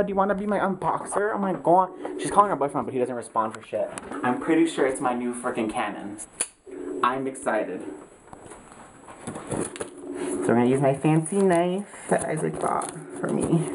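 A young woman vlogging with friends, excitable and swearing a lot. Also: deep voice, noisy background. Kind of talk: casual vlog chat. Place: indoors with friends.

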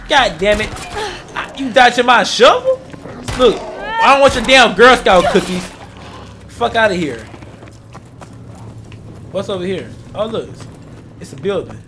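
High-voiced, profane, joking male gamer. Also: big pitch swings, unhurried, long pauses, noisy background. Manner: loud, profane and jokey, talking trash to enemies. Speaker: gaming channel host. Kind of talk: casual gameplay commentary. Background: game music and gunfire.

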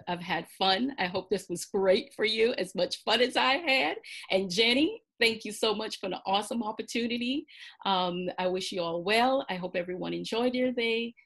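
A woman from Belize speaking as a guest on a webinar video call, then reciting a spoken-word poem with slow, dramatic emphasis. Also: mid-range voice, a bit bright.

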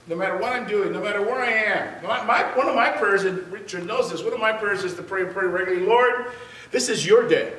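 Bright-voiced older man teaching a church class. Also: sits high, fast talker, hardly any pauses. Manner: animated storyteller who repeats words and laughs. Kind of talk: church teaching with personal stories. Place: large church room. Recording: roomy sound from far off.

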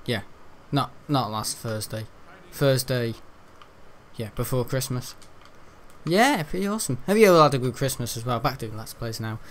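A man's voice: medium pitch, animated, normal speed, a bit bright, a little hiss or hum. A teenage young man giving rambling, chatty let's-play commentary while he plays, often laughing. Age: teens. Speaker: gaming video host.

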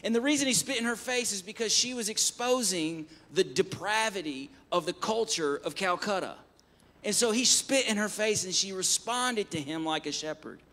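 A man's voice: sits high, fairly bright tone. A man preaching a sermon in church, speaking emphatically with frequent restarts. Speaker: pastor. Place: church, live-streamed service.

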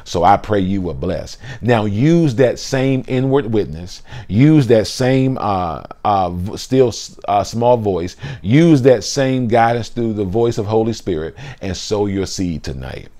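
A man preaching a casual livestream sermon from his phone, animated and repetitive, stumbling and restarting often. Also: fairly low pitch, a little slow, few pauses. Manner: animated preaching, repeats words and restarts, casual Southern-style "y'all". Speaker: pastor.

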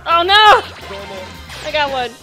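A woman's voice: very high-pitched, lively intonation, slow pace, bright, forceful tone, faint music behind. Laughing, exasperated young woman streamer. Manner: laughing, exasperated, swearing in frustration. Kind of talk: casual gaming stream chat.

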